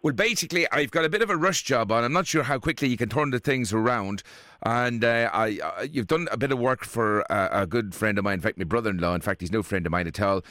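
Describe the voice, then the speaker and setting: A man's voice: medium pitch, quick pace, fairly bright tone, dry recording, lightly acted. A radio host voicing Willie Fitzgerald, a pushy Irishman with a put-on Irish accent, making a chummy, rambling prank phone call.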